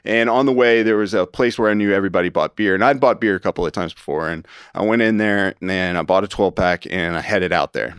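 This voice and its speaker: A man from Houston, Texas, talks through his life story as a guest in a podcast studio, his voice sitting on the low side and the sound close and dry. He rambles, leaning hard on "like" and "right?", and slips into the voices of the people he quotes. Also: quick pace, few pauses, a bit bright, clear, resonant tone, dry recording. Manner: acts out quoted dialogue with shifts in tone. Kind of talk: personal story in a podcast interview.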